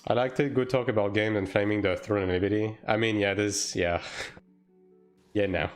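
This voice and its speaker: Male game streamer, lowish voice, loose and profane, chatting with his viewers mid-match. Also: fairly even intonation, moderate pace, soft background music. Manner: casual, profane, talks to chat while playing. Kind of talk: live-stream gaming commentary.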